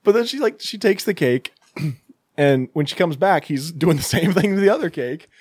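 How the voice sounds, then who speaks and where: A man on a podcast recapping a movie scene by scene, his voice slightly high and lively in pitch. He laughs as he tells it, in a dry, close recording. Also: moderate pace, breathy edge, no room sound. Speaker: podcast co-host. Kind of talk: casual chat recapping a horror movie. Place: same room as co-host, dry recording.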